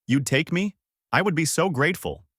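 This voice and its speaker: A man doing a timid, high-voiced turtle. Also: expressive, moderate pace, fairly bright tone, husky, no room sound, clean studio sound. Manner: timid and grateful. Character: nervous polite male giant turtle.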